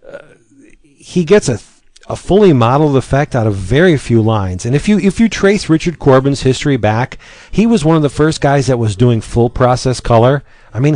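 A man co-hosting a podcast, talking through comic reviews in a measured, thoughtful way with some hesitant fillers. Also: mid-range voice, darkish tone, no echo. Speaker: podcast co-host. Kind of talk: casual comics review chat.

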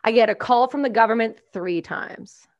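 A woman's voice: on the high side, normal speed, highs cut off. A woman in casual conversation, animatedly telling a story and complaining, with casual swearing. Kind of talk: casual chat.

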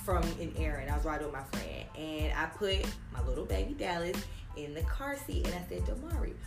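A woman co-hosting a casual chat, rambling and swearing freely as she talks it through. Her voice sits in a reverberant room. Clear music runs underneath. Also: deep voice, lively intonation, fairly quick. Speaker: podcast co-host, mother.

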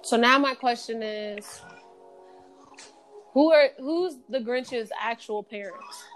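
A woman's voice: a little high, slow pace, soft background music. A woman co-hosting a podcast, chatting casually while watching a movie, often laughing, blunt and profane. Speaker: podcast co-host.

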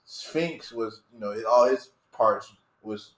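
A man's voice: lowish voice, slow pace, a bit bright, echoey room. A man guesting on a podcast, chatting casually about a movie with short, laid-back slangy replies.

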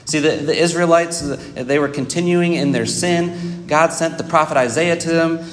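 A man's voice: fairly high pitch, moderate pace. A man preaching a sermon, explaining scripture in an earnest way and often repeating words as he goes. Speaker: pastor. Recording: echoey hall reverb.

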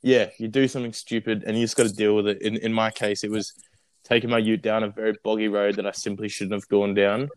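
A young Australian man spins a rambling yarn in a relaxed guest spot. His voice sits low and comes through smooth and resonant. The sound is close and dry, with no room around it. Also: quick pace, no room sound, rough recording. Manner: rambling, full of fillers and restarts. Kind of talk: casual storytelling.

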